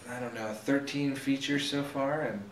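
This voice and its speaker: This male interview guest, who acts and directs, keeps the casual talk going with chatty enthusiasm and happily promotes his projects. He speaks at a moderate pace in a steady, medium-pitched tone, captured by a faraway mic in an echoey room with a little background noise.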